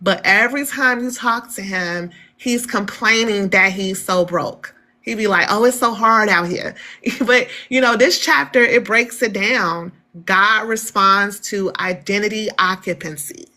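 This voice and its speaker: A woman in a casual spiritual discussion, speaking in a candid, animated way and often laughing. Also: mid-range voice, measured pace.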